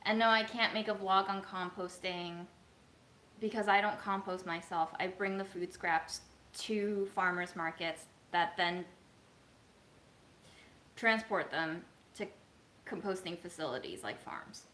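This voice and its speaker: A woman vlogging casually from her home kitchen, talking in a soft, reflective way with many pauses and ums. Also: on the low side. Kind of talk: casual livestream chat. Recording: roomy echo.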